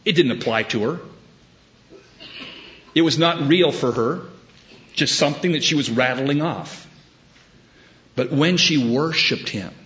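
Slow-paced male preacher, lo-fi. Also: mid-range voice, a bit bright. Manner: storytelling, wry humor, deliberate emphasis. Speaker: pastor. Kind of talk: sermon.

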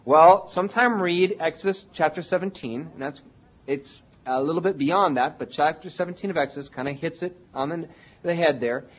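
A pastor preaches in a loose, conversational way. His voice sits a little high, and he now and then acts out whining complaints. The recording is dull and lo-fi, as if taken in a church hall. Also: fairly quick. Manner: conversational preaching with acted-out quotes of whining people. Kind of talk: sermon.

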